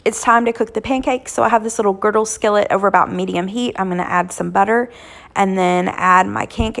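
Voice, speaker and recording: Hoarse, chatty woman vlogging dinners. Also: medium pitch, steady tone, a little fast, a bit bright, faint music behind. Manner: chatty, homey, frequent "um" fillers. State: hoarse from illness. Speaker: cooking channel host. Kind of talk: casual cooking vlog narration.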